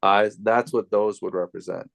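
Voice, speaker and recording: A man tutoring math over a video call, explaining things step by step in a relaxed way. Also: lowish voice, normal speed, creaky. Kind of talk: casual tutoring session.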